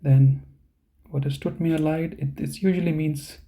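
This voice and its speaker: A man's voice: fairly high pitch, steady tone, a little slow, mellow. A man teaching an online German class for beginners, explaining grammar step by step and often adding "you know" and "okay".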